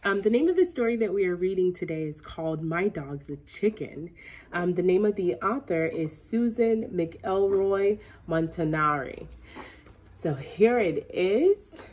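A woman reading a children's picture book aloud, animated and laughing along with the story. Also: on the low side, measured pace.

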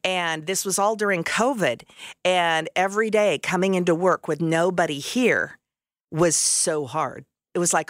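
A woman's voice: on the low side, a little slow, no echo, clean studio sound. A middle-aged woman telling her personal faith story, earnest and heartfelt. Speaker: podcast host sharing her testimony.

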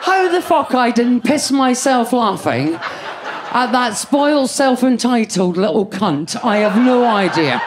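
A woman's voice: mid-range voice, sing-song, moderate pace, noisy background. Brash sweary woman in her fifties. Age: 50s. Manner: brash, sweary and conversational with the crowd. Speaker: stand-up comedian. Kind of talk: stand-up comedy set. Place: comedy club stage. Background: audience laughter.

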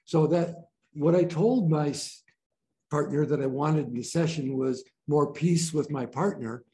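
A man teaching a group about breathwork in a gentle, playful way, often laughing as he talks. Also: fairly high pitch, unhurried, vocal fry, a little hiss or hum. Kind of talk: informal group teaching talk. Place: training room with a group.

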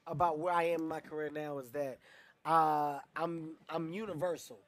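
A man from Philadelphia, a comedian guest talking in an interview, energetic and animated, often breaking into laughter as he tells stories. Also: on the high side, moderate pace, dry recording. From Philadelphia, United States. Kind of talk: interview chat and storytelling.

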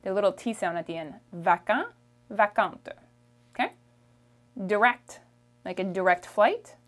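A woman from Canada with a Canadian French accent, teaching a vocabulary lesson patiently and checking in with her viewers. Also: medium pitch. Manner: patient, repeats each word slowly, checks in with "okay?". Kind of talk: slow language lesson.

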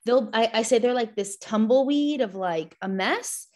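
A woman guest in a podcast interview, animated and full of fillers, acting out the voices of people in her story. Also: fairly high pitch, normal speed. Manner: animated, acts out quoted voices; frequent fillers like "like" and "you know".

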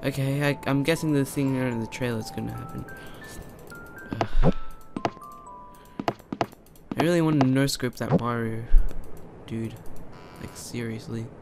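A young man doing let's play commentary on a horror game, excitable, chatting to the characters and yelling when startled. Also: medium pitch, unhurried, gravelly, pauses often, over music. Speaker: gamer.

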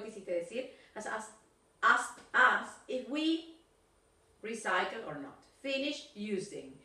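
Argentine English teacher, bright and slow. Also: female voice, medium pitch. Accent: Argentine Spanish. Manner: corrects pronunciation, mixes Spanish and English. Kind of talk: recorded video class. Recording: roomy, from a distance.

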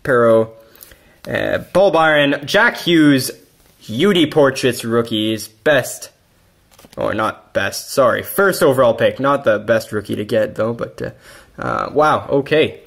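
Excitable man calmly reading out cards. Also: mid-range voice, slow, creaky. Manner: excitable, bursts into yelling over big pulls. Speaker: card-collecting YouTuber. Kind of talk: casual card-opening commentary.

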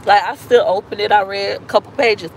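On a low-quality recording with slight hiss or hum, a woman with a medium-pitched, steady, creaky voice recounts a painful family story during a live stream. Her vlogging style is blunt and emotional, with slang and swearing, speeding up in bursts and slowing on the parts that hurt.

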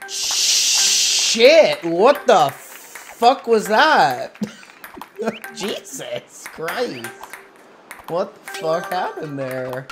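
Slow-talking, cursing gamer; mutters along, then blows up at bad plays, music underneath. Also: medium pitch, sing-song. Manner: swears a lot, mutters to self between loud frustrated outbursts. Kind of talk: casual gameplay commentary. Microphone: gaming mic.

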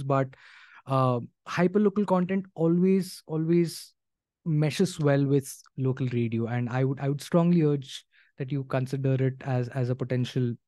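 A man with a mellow, warm voice speaks in a measured, encouraging way, pausing often on "uh." The recording is dry and close, with no room sound. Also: medium pitch, no room sound. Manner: measured and encouraging, with many "uh" pauses. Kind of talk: panel discussion on a video call.

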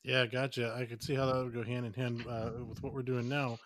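Male podcast co-host, bright voice, easygoing interviewer. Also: medium pitch, flat delivery, brisk, dry recording. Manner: laid-back, calls people "man". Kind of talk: casual interview chat.

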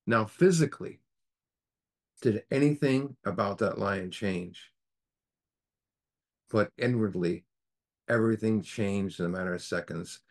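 A man's voice: lowish voice, measured pace, pauses often. A man leading a recovery group study, teaching earnestly in a preacher-like way and asking the group rhetorical questions.

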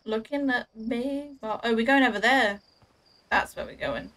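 A young adult woman streams a game, chatting casually with herself and her viewers and poking fun at her own clumsy play. Her voice is a little high and expressive, fairly bright, at a normal speed.

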